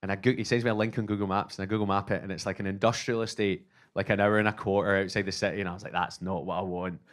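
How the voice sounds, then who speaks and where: Scottish comedian telling a story, lowish voice. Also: male voice, racing. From Scotland. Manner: animated, self-mocking, acts out both sides of dialogue. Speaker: stand-up comedian. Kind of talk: stand-up storytelling.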